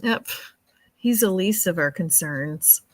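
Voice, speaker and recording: A woman's voice: fairly low pitch, expressive, slow, no echo. A woman co-hosting a live stream in casual chat, teasing and laughing often.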